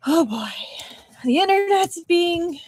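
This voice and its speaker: A young woman reads a novel aloud on a live stream, pausing between passages for chatty asides to her viewers. Her voice is very high-pitched, expressive, slow and a little mellow.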